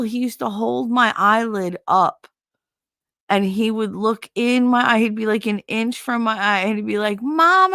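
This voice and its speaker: A middle-aged woman with a New York accent, hosting a podcast and telling a casual story, animated and blunt, laughing often and acting out what people said. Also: a little high, vocal fry, dry recording, clean studio sound. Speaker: podcast host.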